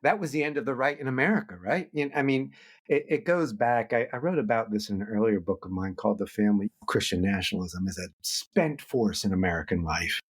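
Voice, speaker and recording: A middle-aged man, an author and guest in a podcast interview, talking in an animated way. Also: fairly low pitch, brisk, slightly rough. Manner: animated, acts out quoted voices.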